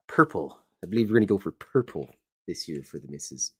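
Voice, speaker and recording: Deep-voiced man rambling while he draws. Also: animated, a little fast, darkish tone, husky. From Canada. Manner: joking, self-deprecating, meandering. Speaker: podcast host and cartoonist. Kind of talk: casual rambling chat while drawing.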